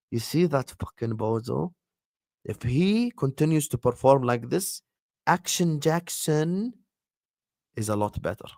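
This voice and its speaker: A young man with a fairly high voice hosts a casual fan livestream, animated and teasing. He lurches from loud outbursts to hushed, mock-secretive asides. The sound is dry and close to the mic. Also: normal speed, no room sound. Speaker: football livestream host.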